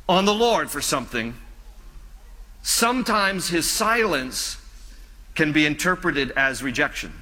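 A male pastor preaching a sermon in an earnest, pleading way, often sinking to a hushed close. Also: sits high, big-room sound. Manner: earnest, pleading emphasis, drops to quiet.

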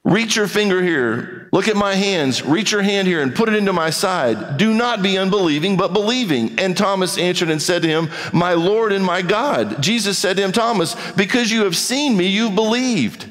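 A man's voice: high-pitched, lively intonation, normal speed, hardly any pauses, fairly bright tone, in a large hall. A man preaching a sermon as pastor, reading scripture and repeating key phrases for emphasis.

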